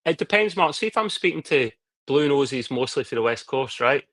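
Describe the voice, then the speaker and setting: A man's voice: mid-range voice, animated, moderate pace, fairly bright tone, no room sound. A Scottish man with a Scottish accent, co-hosting a football podcast in a blunt, joking way with Scots slang. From Scotland. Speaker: podcast co-host. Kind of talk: casual football podcast chat.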